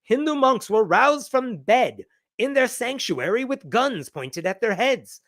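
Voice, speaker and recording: A man's voice: very high-pitched, big pitch swings, a little slow, fairly bright tone, no echo, clean studio sound, pitched above the performer's own voice, full character voice. A man voicing an indignant female advocacy group leader in a mocking Indian accent.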